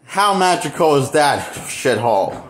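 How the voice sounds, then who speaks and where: A man talking alone to camera in an unscripted monologue, halting and bitter, trailing off into pauses and then bursting out. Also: on the high side, very animated. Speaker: vlogger.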